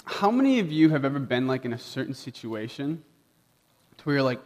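A man's voice: medium pitch, very animated, a little fast, a little mellow. A young man preaching a sermon as a personal story, talking in a casual, chatty way full of "like" and acted-out dialogue. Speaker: pastor.

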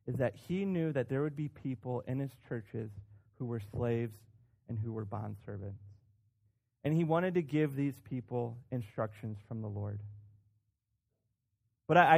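A man's voice: mid-range voice, creaky. Male pastor, sermon delivery, casual, repeats words, punches key points. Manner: conversational, self-deprecating, with frequent restarts and emphatic rises.

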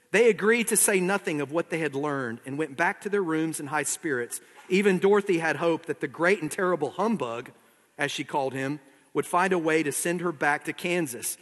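A man's voice: fairly high pitch, a bit bright, in a large hall. A man preaching a sermon as pastor, talking in a conversational way and reading aloud from a book.

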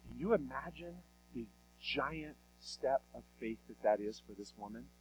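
A man preaching a sermon, retelling Bible stories in an animated, conversational way. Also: mid-range voice, unhurried, lo-fi sound, a little hiss or hum. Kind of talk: sermon storytelling.

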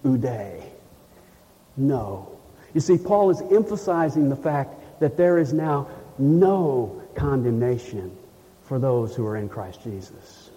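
A man preaching a sermon, emphatic, slowing down to read scripture. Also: medium pitch, animated, dark tone. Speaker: pastor. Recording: dull, lo-fi sound with long reverb in a hall.

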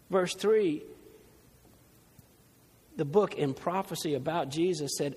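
A man's voice: fairly high pitch, a little mellow, husky, big-room sound. A man preaching a sermon as pastor, conversational, with humorous asides and stories.

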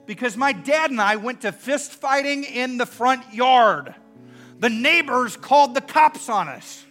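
A middle-aged man preaching a sermon and telling a story. He swings from soft and earnest to loud and animated. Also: very high-pitched. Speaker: pastor.

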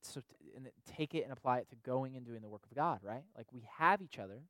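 A man gives a casual, conversational sermon at a middle pitch. He often tags his points with quick questions and repeats key phrases. The sound is dry and close, with little room echo. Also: lively intonation, a bit bright. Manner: conversational preaching, frequent "right?" tag questions and repetitions. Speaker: pastor or youth leader.

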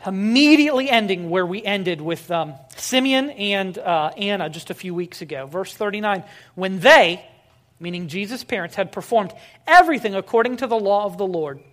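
A pastor's sermon unfolds conversationally, full of storytelling, wry humor, and rhetorical questions for the congregation, with frequent pauses on filler sounds. The voice is medium-pitched, expressive, and fairly bright.

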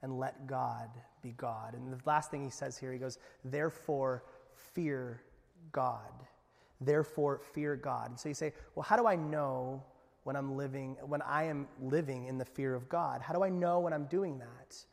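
A man, a pastor, preaching a conversational sermon with lively asides. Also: medium pitch, moderate pace, gravelly. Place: church sanctuary. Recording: long echo of a church hall.

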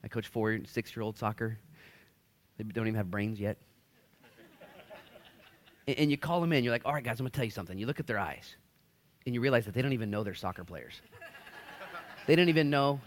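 A man's voice: lowish voice, animated, moderate pace, long pauses. A man in his thirties, a pastor preaching a sermon, who acts out the voices of people in the stories he tells.

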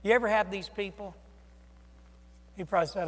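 Animated high-voiced preacher in a reverberant hall. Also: male voice, fast talker, long pauses. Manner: animated, acts out voices of Jesus and disciples, swings loud and soft. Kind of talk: sermon.

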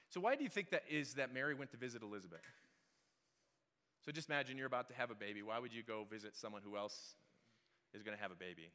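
A man's voice: mid-range voice, quick pace, bright, forceful tone. A middle-aged pastor preaching a casual, joking sermon and asking his congregation questions. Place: church hall. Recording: reverberant hall.

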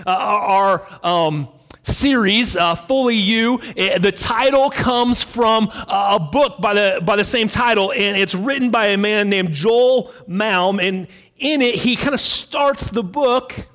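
A man pastor preaching a sermon in a relaxed, storytelling way with frequent fillers. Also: high-pitched, takes it slowly, big-room sound.

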